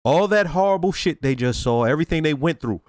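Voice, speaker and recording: Animated man doing slangy reaction talk. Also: on the high side, fast, over music. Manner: slangy, animated, laughs often. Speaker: reaction video host. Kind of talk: casual reaction commentary.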